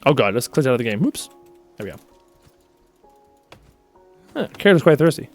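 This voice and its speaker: A man's voice: medium pitch, big pitch swings, moderate pace, pauses often, a little mellow, soft background music. A man live-streaming a game, chatting casually and reading out viewers' messages in a playful way. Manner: chatty, reads chat aloud, playful.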